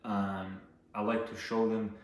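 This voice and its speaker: A man's voice: lowish voice, flat delivery, slow. Rambling man coaching sales, echoey. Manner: rambling, many filler likes and restarts. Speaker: door-to-door sales trainer. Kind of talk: casual training talk. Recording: echoey room, voice from a distance.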